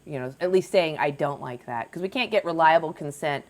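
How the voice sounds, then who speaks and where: A woman's voice: low voice, brisk. A woman hosting a live debate stream, challenging callers in a scolding, confrontational way. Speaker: livestream host debating callers.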